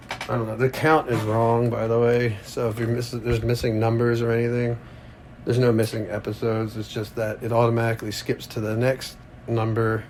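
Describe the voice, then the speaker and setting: Gravelly-voiced man rambling casually. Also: lowish voice, a little mellow, a little hiss or hum. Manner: joking, wandering, self-mocking. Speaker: podcast host.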